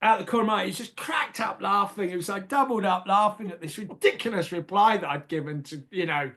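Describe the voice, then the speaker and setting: Older English man, storytelling guest, halting and self-mocking, casual interview. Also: high voice, fairly bright tone. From England. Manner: hesitant, repeats words, laughs at himself.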